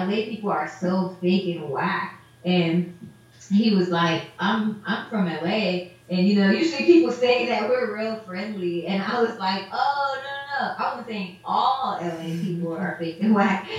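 A woman telling stories in casual chat, animated and acting out what people said, with lots of "like". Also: medium pitch, unhurried. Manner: animated storyteller, acts out quotes, heavy "like" filler. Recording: roomy echo, dull lo-fi sound.

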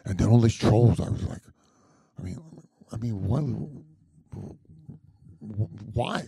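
A man's voice: fairly low pitch, takes it slowly, gravelly, mellow. An older man hosting a podcast, giving blunt opinions in a ranting way and tagging his points with "okay?". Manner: trails off into mumbling restarts and fillers. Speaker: podcast host. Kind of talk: opinionated casual rant.

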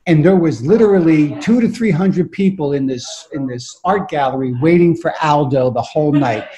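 A middle-aged man, an actor telling lively, profane anecdotes in casual chat and acting out the voices in them. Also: on the high side, moderate pace, low-quality recording. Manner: animated, profane, acts out voices in his anecdotes. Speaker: actor guest telling stories.

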